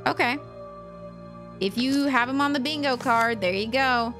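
A woman's voice: sits high, measured pace. A young adult woman doing casual, sarcastic gameplay commentary, chatty and swearing freely. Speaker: let's play streamer. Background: game music.

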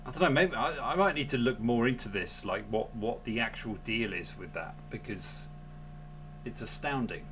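Man, podcast host, bright sharp voice, casual laid-back chat, swearing, faint hum. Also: medium pitch, expressive, moderate pace.

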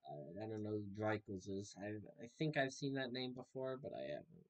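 A man's voice: on the low side, very animated, a little fast. A young man casually commenting while he plays a video game, joking and reacting aloud to what happens on screen. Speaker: gaming video host. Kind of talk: casual let's-play commentary.

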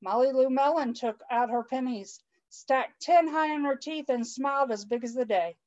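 A woman with a fairly high voice reads a children's picture book aloud, expressive and warm with the little asides she tosses to her listeners. The sound is dull and lo-fi, like online stream audio. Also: normal speed. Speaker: guest storytime reader.

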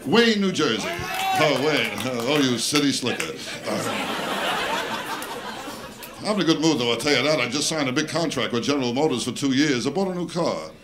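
This live club set features a male comic with a mid-range, expressive voice at normal speed, delivering brash self-mocking one-liners and playing off the audience. The recording is thick with loud laughter and crowd noise.

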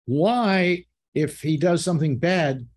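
A man hosting a casual group chat, teasing his guests and telling stories with lively energy. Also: a little high, slow. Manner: teasing, animated storyteller. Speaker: host.

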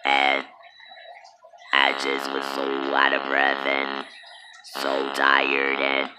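A woman tells a personal story at a slow, unhurried pace, and her voice stays low and level. She talks in a halting way with many pauses and fillers. Loud background noise runs under the recording. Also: monotone. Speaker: vlogger telling her birth story.

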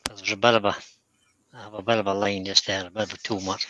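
A Scottish man hosts a live stream while he works, chatting casually and thinking aloud in an easygoing but self-critical way as he picks at his own work. His voice is on the low side with a sharp tone and little pitch movement, and he talks at a quick pace. The sound is lo-fi.

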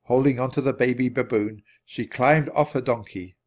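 A man narrating a children's audiobook in an expressive reading voice. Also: moderate pace. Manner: expressive, varied pitch. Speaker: audiobook reader.

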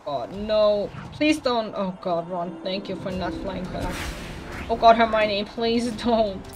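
A woman casually commenting on a video game as she plays, chatty and easily excited, talking to the characters on screen. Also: medium pitch, slow pace. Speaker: let's play gamer.

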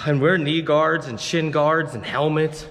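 A man's voice: a little high, steady tone, takes it slowly, fairly bright tone. A man casually talking through a skateboard trick in an indoor skate park, frustrated and swearing often. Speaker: skateboarding vlogger. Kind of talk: casual tutorial vlog. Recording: echoey hall with long reverb, faint noise.

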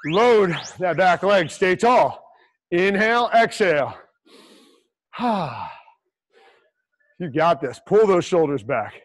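A man's voice: high voice, lively intonation, slow, pauses often, slight background noise, low-quality recording. A man coaching a livestream workout, breathless and encouraging, counting down reps. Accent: American. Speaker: fitness coach.

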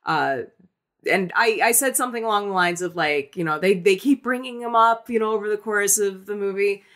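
A woman co-hosting a podcast, chatting casually about a film in an animated, rambling way full of restarts. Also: medium pitch, brisk. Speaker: podcast co-host. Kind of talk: casual film-review chat.

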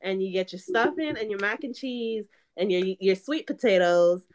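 A woman's voice: mid-range voice, lively intonation, normal speed. A woman co-hosting a podcast, chatting casually in a cheeky, enthusiastic way. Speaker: podcast co-host. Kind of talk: casual chat.

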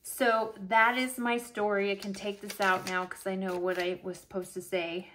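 A middle-aged woman talks casually to her viewers at home as she decorates a planner. She tells a story with lively bursts and drifts into quiet murmurs over her crafting. Faint household noise sits behind her voice. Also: mid-range voice, moderate pace. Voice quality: animated, chatty, drops to murmurs while working. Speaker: planner vlogger.

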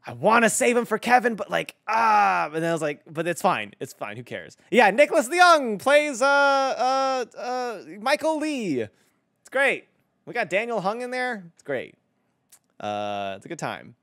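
A man's voice: sits high, big pitch swings, a little slow, a bit bright, dry recording, clean studio sound. A young man streaming casually as a voice director. He rambles and swears, with lots of fillers. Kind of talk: casual stream chat while playing.

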